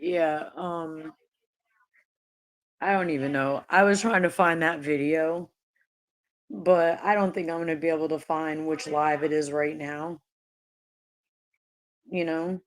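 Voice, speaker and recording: A woman's voice: low voice, steady tone, takes it slowly, long pauses. A woman live-streaming, talking casually to her chat, laughing often and swearing freely. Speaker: livestreamer.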